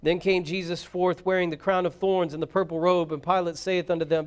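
A man giving a solemn, measured formal scripture reading. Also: high voice, steady tone, clean tone. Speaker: scripture reader.

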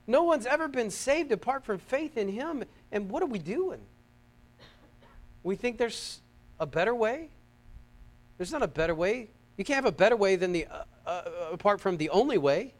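A man from the United States preaching a sermon, fervent and emphatic, swinging between loud peaks and quiet asides and repeating his phrases. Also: high-pitched, sing-song, moderate pace. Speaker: pastor.

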